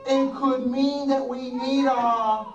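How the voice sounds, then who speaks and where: A middle-aged woman performing a children's puppet show at a school assembly, animated and exaggerated, with gasps and call-and-response to the audience. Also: high-pitched, slow pace, dull audio, faint music behind. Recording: roomy hall audio from far off, with children's crowd noise. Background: crowd of children.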